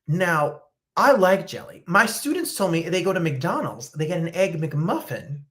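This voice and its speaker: Chatty woman host from New Jersey, lively up-and-down delivery, rambling and casual. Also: lowish voice, unhurried. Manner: animated, chatty, rambling storytelling. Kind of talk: casual chat while eating on camera.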